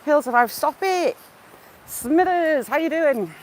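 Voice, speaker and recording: High-pitched and expressive, a woman speaks at a moderate pace as she vlogs a stroll beside a wooded river, chatting casually and greeting viewers by name on her live stream. The recording is rough, with faint outdoor background noise.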